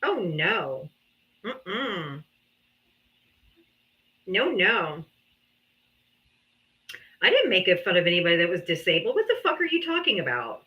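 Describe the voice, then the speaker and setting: A woman's voice: on the low side, huge pitch swings, takes it slowly, long pauses, pushed and bright, dull audio. A woman hosting a live debate stream, talking in a mocking, profane and exasperated way. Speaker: livestream host. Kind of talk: heated live debate chat.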